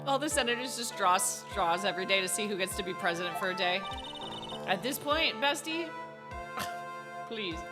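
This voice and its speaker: A woman's voice: mid-range voice, lively intonation, normal speed, long pauses. Giggly woman in her twenties, chatty. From United States. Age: 20s. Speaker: gaming channel host. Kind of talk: let's-play commentary. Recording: voice over game music.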